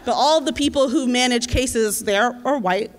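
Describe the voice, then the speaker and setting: A woman in her twenties, a community organizer, telling a lively, slangy story at a teach-in. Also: a little high, normal speed. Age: 20s. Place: lecture hall. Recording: reverberant hall.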